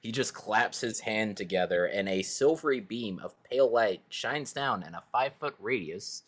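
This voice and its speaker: A man's voice: on the low side, lively intonation, moderate pace, a bit bright. A man playing a tabletop fantasy game over a voice call, explaining his spell and dice rolls. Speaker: player. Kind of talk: casual tabletop game play.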